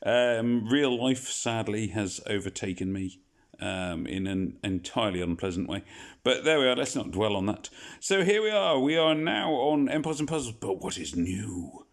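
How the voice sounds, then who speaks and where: Chatty guy playing a mobile game, low voice, goofy asides about his own bad accents. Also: sing-song, normal speed. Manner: rambling, jokey, self-deprecating. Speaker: gaming video host. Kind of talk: casual game commentary.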